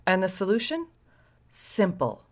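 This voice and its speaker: Wry, lively woman storyteller. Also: mid-range voice, a little slow. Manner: sardonic, wry asides to the listener. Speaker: podcast host and storyteller. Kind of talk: scripted storytelling narration.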